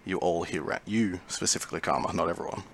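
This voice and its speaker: Low-voiced man narrating as game master. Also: gravelly, slight background noise. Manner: calm, measured scene narration.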